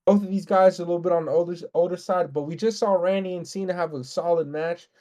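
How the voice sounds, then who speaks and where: A man's voice: sits high, fairly even intonation, warm tone. Fired-up profane man ranting. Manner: heated, profane, fast ranting. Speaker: podcast co-host. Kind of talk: casual wrestling podcast rant.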